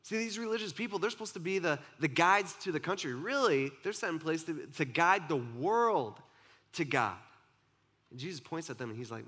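Male pastor, conversational sermon, slightly high bright voice, playful asides. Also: lively intonation, moderate pace. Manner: conversational, acts out quoted voices, many asides. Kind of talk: casual sermon.

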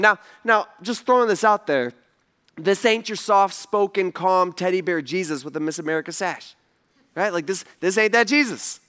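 A man's voice: high-pitched, normal speed, pushed and bright, clear, resonant tone. A man preaching a sermon in a conversational way, asking the audience questions and building to emphatic passages. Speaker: pastor.

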